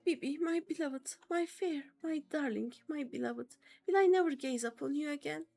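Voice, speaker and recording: A woman's voice: high voice, normal speed, gravelly, warm tone, soft background music. A woman voicing a lovesick, dramatic male kobold leader who piles up synonyms. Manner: theatrical, strings synonyms together.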